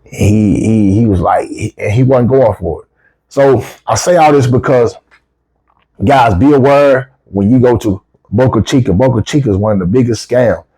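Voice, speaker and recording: A man with features, casually telling a travel story as a vlogger, swearing freely and jumping up in pitch when he quotes himself. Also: moderate pace, husky. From United States. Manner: animated, profane, rises sharply when quoting himself.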